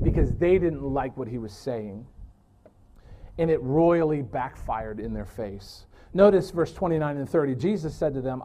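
Earnest preacher man, mellow voice. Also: on the high side, slight background noise. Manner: earnest, explanatory, with restarts and self-corrections. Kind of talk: sermon.

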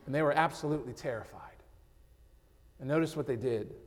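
A male pastor preaching a sermon, swinging between loud, emphatic passages and hushed, slowed-down lines. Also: medium pitch. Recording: long hall reverb.

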